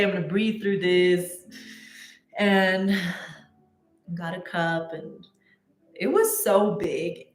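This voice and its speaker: A woman's voice: on the low side, reverberant. A woman telling a personal story in a casual, chatty way, with many fillers and restarts. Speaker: spiritual content creator.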